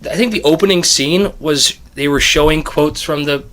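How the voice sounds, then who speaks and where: A man's voice: on the high side, fairly bright tone. A young man co-hosting a podcast in casual chat, talking at length and restarting his sentences often. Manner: talkative, quick restarts, explains at length. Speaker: podcast co-host.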